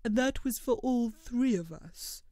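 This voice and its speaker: A woman doing Blobbert, slow and mellow. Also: on the high side, expressive, no room sound, studio quality, pitched above the performer's own voice. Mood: concerned. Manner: slow, measured and proper. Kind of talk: storybook character reading.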